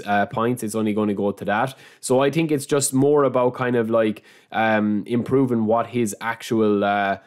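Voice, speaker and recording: A man's voice: mid-range voice, a little mellow. A young man hosting a gaming channel, talking casually through a game review with lots of fillers and restarts. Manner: chatty, many fillers and restarts.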